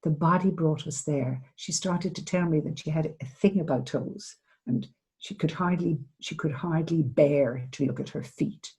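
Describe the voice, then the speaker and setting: A middle-aged woman therapist from Ireland giving a seminar talk, speaking gently and reflectively with hesitant restarts. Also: sits low, normal speed, breathy edge, low-quality recording. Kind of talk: seminar talk, answering a question.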